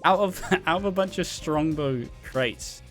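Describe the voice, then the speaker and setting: A man's voice: on the high side, a little slow, a bit bright, soft background music. A young man with a Welsh accent telling rambling, sweary anecdotes, laughing as he goes. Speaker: vlogger. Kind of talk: casual storytelling.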